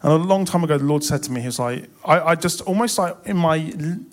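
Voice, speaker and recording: A man's voice: fairly high pitch, fast talker. A young man preaching a sermon in a church, impassioned and building to emphatic swells.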